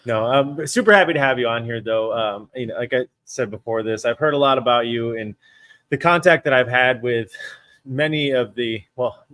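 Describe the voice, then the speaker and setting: A man's voice: mid-range voice, normal speed, fairly bright tone, no echo. A man with a scratchy Northeastern American accent, co-hosting a podcast in a joking, self-deprecating way. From United States. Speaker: podcast co-host. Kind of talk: casual podcast conversation.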